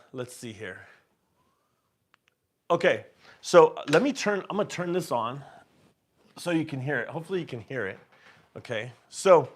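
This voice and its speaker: A man hosting a live stream, telling a story casually and animatedly, with many restarts and laughs, acting out his own quoted lines louder and higher. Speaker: host.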